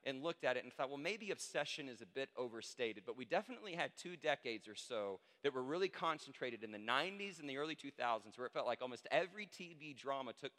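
A man in his thirties preaching a sermon, an animated storyteller who acts out the quotes. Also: medium pitch. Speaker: pastor. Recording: long hall reverb.

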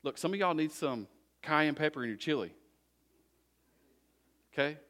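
A middle-aged pastor delivers a sermon, speaking in a slightly higher voice than most men. He talks to the congregation conversationally and drives his points home by repeating short, punchy exhortations. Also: lively intonation, normal speed, a bit bright.

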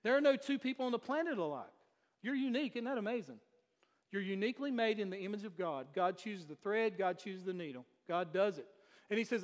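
High-voiced preacher in a reverberant hall. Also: male voice, lively intonation, fairly quick. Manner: emphatic preaching with rhetorical questions. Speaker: pastor. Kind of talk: sermon.

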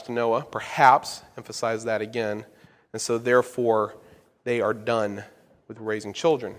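A man's voice: mid-range voice, a bit bright. A man preaching a Bible-study sermon, explaining verses emphatically and turning to the listeners with asides. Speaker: pastor. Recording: long hall reverb.

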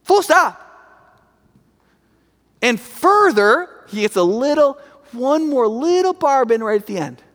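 A man's voice: very high-pitched, big pitch swings, takes it slowly, pauses often, a bit bright, big-room sound. A man preaching a sermon in a conversational, emphatic way, often checking in with "right?".

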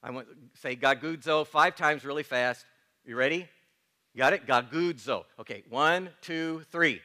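Male pastor, sermon delivery, slow and deliberate, bright tone. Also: fairly high pitch. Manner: slow, emphatic preaching with soft hushed passages and playful laughter.

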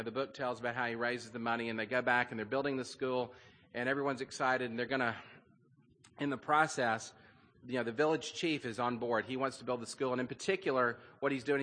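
A man's voice: mid-range voice, fairly bright tone. Guy preaching in a big echoey church hall, earnest, chatty storytelling, lots of "you know". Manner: conversational, earnest, with frequent "you know" fillers. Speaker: pastor. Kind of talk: sermon storytelling. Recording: long reverb of a large hall.

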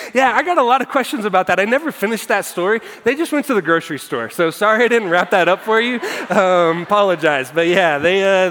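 A man preaching a sermon as pastor, conversational and self-deprecating, with frequent fillers. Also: on the high side. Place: church hall. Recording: long hall reverb.

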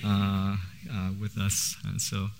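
A man's voice: fairly low pitch, monotone, slow, creaky, clean tone. A man in his thirties preaching in church, casual and chatty, with a lot of laughter. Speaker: pastor. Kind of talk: sermon with personal stories.

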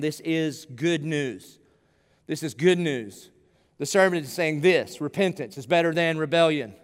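A man's voice: a little high, clear, resonant tone. A middle-aged man preaching a sermon as a pastor, talking to the congregation in an emphatic, conversational way that swells into pleading. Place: church sanctuary. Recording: long church reverb.

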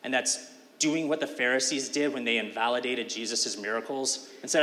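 A man's voice: mid-range voice, fairly quick, bright, forceful tone, in a large hall, slight background noise. A man giving a sermon as pastor, talking in a conversational, emphatic way with casual fillers.

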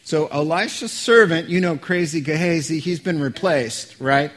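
A man's voice: fairly high pitch, normal speed, a bit bright. A man preaching a sermon as a pastor, conversational and joking with the congregation.

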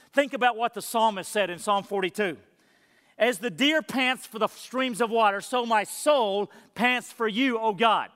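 High-pitched pastor guy preaching, earnest, lots of repeats, big hall echo. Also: a bit bright. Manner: earnest, emphatic, repeats phrases. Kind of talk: sermon.

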